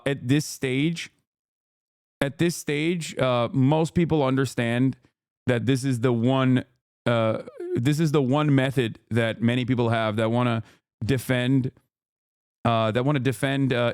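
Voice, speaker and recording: A man's voice: medium pitch, clean tone, no echo, studio quality. A man streaming live, commenting on clips in a blunt, sarcastic way and swearing freely. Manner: sarcastic, mocks feigned anger. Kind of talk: livestream commentary.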